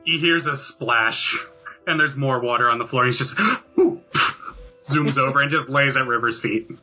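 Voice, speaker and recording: A man narrating as game master for a tabletop game, halting with many ums and uhs. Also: mid-range voice, animated, bright, forceful tone. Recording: dull lo-fi audio with faint music.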